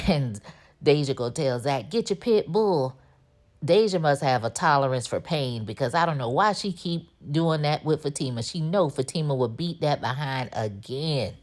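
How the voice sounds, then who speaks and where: Speaking in a bass, expressive voice at a moderate pace, a woman hosts a TV recap, sassily retelling the episode in a chatty way and voicing the characters' lines herself.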